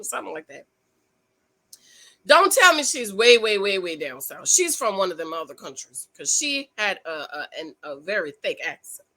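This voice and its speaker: A woman's voice: on the high side, bright, forceful tone, rough recording. A woman giving sassy, emphatic recap commentary on a reality show, talking straight to her viewers and repeating her points for effect.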